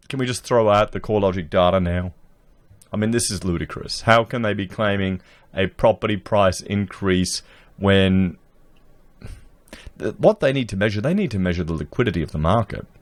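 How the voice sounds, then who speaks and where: A sarcastic man talks straight to his viewers, reading news aloud and then picking it apart. His voice sits on the low side. It is close on a desk mic, dry, with no room sound. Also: no room sound. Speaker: commentary channel host. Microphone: desk podcast mic.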